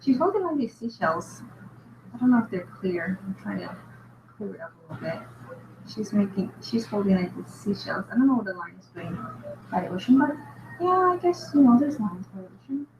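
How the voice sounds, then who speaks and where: Brief: woman artist host, giggly thinking-aloud chatter, mid pitch, muffled echoey room with hiss. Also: brisk. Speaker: artist hosting a live drawing show. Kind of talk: casual drawing commentary. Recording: dull echoey recording with steady background noise.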